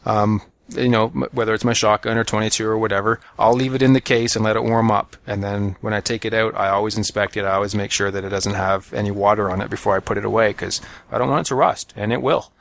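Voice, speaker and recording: A man's voice: on the low side, fairly even intonation, quick pace, gravelly, few pauses, a bit bright. A man from Canada co-hosting a casual podcast, reading listener emails with self-mocking jokes, many fillers and restarts. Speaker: podcast co-host.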